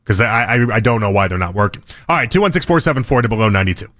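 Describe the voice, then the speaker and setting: A man hosting a sports talk radio show, joking and mock-outraged in quick banter. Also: on the low side, big pitch swings, fairly bright tone.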